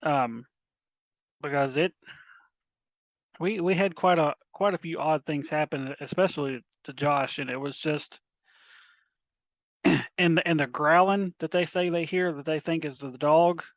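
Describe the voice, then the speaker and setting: A Southern man with a somewhat high voice hosts a casual podcast chat. He stumbles and repeats words often. The recording is dry and close. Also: measured pace, long pauses, no echo.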